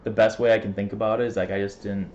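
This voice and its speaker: A man's voice: lowish voice, quick pace, slight background noise. A man who is a guest on a live stream, chatting casually with lots of "like". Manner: fillers like "like", relaxed with light laughs. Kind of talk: casual chat. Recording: dull lo-fi stream audio.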